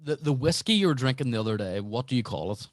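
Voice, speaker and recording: A man's voice: medium pitch, lively intonation, no room sound. Man bantering, dry close sound. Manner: jokey, crude banter, quick bursts. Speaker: podcast guest. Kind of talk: casual podcast chat.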